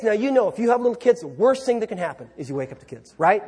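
Male pastor, fairly high and husky, chatty storytelling sermon with long church reverb. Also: fast, hardly any pauses. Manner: conversational storytelling, animated with fillers and repeats.

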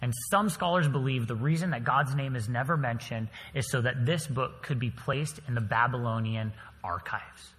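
A man preaching a sermon as a pastor, telling the story in an animated way with dramatic swings in volume. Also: medium pitch, moderate pace, few pauses, big-room sound.

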